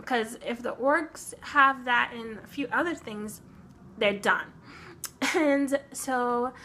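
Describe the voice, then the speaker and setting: A young woman, a book reviewer, chats casually about a book she read, laughing often and slipping into acted-out quotes. Her voice is fairly high, pushed, and bright.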